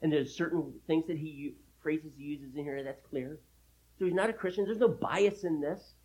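A man preaching a sermon, emphatic, with big swings in loudness and repeating key phrases for stress. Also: fairly high pitch, normal speed, breathy edge, rough recording. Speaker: pastor.

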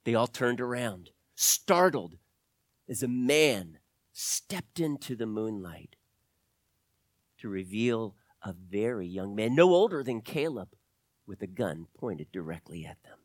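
A man's voice: fairly low pitch, lively intonation, takes it slowly, dry recording. A man telling an adventure story expressively, sometimes dropping to a whisper.

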